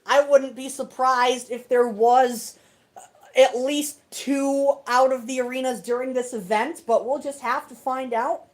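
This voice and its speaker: A woman's voice: sits high, steady tone, measured pace, rough recording. A woman hosting a casual livestream from a home tabletop setup, self-deprecating and chuckling often. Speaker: host of a toy robot fight livestream.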